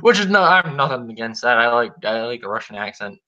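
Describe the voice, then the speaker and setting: A man hosts a casual talk show, giving his blunt opinions and trading jokes with his guest. His mid-range voice has a bright, sharp edge. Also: mid-range voice, very animated, quick pace, lo-fi sound. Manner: opinionated, blunt, jokey banter. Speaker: host.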